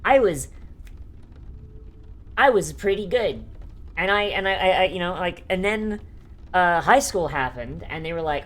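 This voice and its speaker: A woman's voice: lowish voice, expressive, unhurried, pauses often, a bit bright. A young adult woman streaming, chatting casually in a rambling, profane way with many fillers and frequent laughter. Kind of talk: casual live-stream chat.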